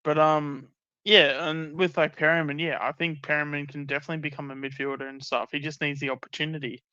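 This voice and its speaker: A man's voice: on the high side, little pitch movement, a little fast, pushed and bright, smooth, no echo, dull audio. A man co-hosting a casual football chat, wry and full of fillers. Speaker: podcast co-host.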